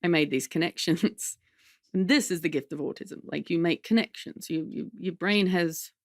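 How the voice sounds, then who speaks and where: A woman's voice: fairly low pitch, moderate pace, dry recording, clean studio sound. A woman, a comedian guest telling stories in a candid podcast conversation, often slipping into impressions of others. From Australia. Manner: lively storytelling, slips into impressions of others.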